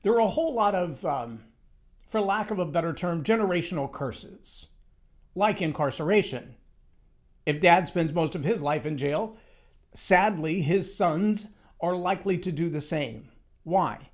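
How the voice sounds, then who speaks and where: A man's voice: high-pitched, expressive, measured pace. A man giving a motivational talk on leadership, emphatic and storytelling, acting out the quotes he tells. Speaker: speaker on leadership.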